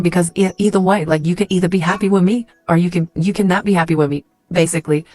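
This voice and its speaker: A woman with a fairly low voice tells a long story straight to "you," padding it with "like" and "and stuff like that." The sound is dry and close, with faint music underneath. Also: fairly even intonation, fast talker, hardly any pauses, a little mellow, dry recording. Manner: rambling, heavy use of "like" and "and stuff like that". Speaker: storyteller in a social media clip. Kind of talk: casual second-person storytelling.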